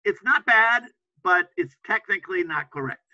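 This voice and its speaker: A high, very bright male voice talks slowly and patiently through a classroom lesson, repeating examples and checking in with his students. The recording is dull and lo-fi, with a faint hiss underneath. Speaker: English teacher. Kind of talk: classroom teaching.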